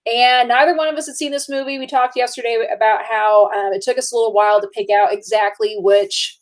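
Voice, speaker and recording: A woman co-hosting a casual live movie chat, talkative and quick to laugh, with many fillers. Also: fairly high pitch, steady tone. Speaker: co-host.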